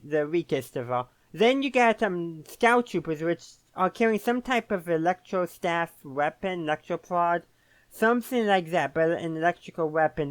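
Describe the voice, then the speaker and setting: A man's voice: high-pitched, clear, resonant tone, no room sound. A man hosting a casual video game commentary, rambling and often correcting himself mid-sentence. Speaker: host.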